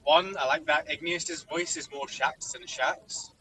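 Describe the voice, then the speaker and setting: A man's voice: on the high side, steady tone, measured pace, pushed and bright, a little hiss or hum, rough recording. A man playing a tabletop game, asking questions in a wry, casual way. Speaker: player.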